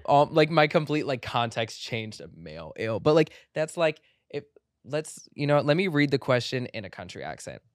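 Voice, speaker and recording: Rambling low-voiced podcast host. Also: big pitch swings, moderate pace, no room sound, clean studio sound. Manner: rambling, heavy "like" fillers, playful. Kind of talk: casual chat. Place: podcast studio.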